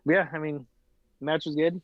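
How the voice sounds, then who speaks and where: A man's voice: on the high side, steady tone, normal speed, no echo. A man co-hosting a casual podcast, easygoing, laughing often and leaning on fillers. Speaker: podcast co-host. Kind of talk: casual chat. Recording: dull, lo-fi mic.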